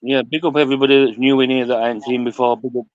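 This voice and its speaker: A man's voice: mid-range voice, little pitch movement, racing. A man on a football fan livestream, chiming in bluntly and agreeing in casual chat. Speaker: fan panelist. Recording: dull, dry lo-fi mic.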